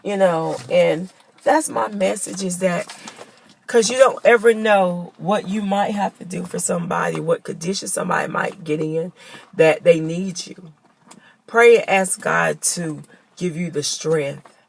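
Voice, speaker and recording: A woman's voice: fairly low pitch, vocal fry. A woman giving a personal testimony to her viewers, earnest and emotional, choked up at times and calling them y'all. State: choked up with tears. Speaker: vlogger.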